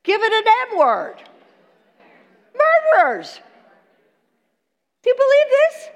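A woman teaching a sermon on prayer, animated and asking her listeners questions. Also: extremely high pitch, slow. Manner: animated, talks to the audience with questions. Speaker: Bible teacher. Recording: long hall reverb.

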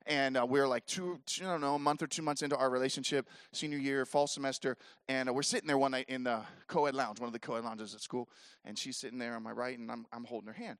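A man in his forties telling a story to a live audience at an event, animated and acting out the voices of the people in it. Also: medium pitch, fast talker, no room sound, studio quality. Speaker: speaker at a youth leader event.

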